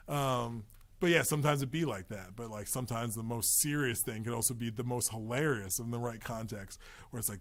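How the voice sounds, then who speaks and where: A man's voice: mid-range voice, a little fast, a bit bright. Rambling, joking male podcast host. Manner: loose, profane, joking asides. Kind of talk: casual rambling monologue.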